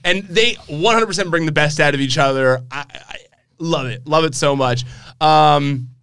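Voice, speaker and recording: A high-pitched man talks wrestling with his co-hosts in a relaxed, chatty way. He is animated, laughs a lot, and acts out the scenes he retells. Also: normal speed, gravelly, smooth, no room sound, studio quality. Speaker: podcast co-host. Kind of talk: casual wrestling chat.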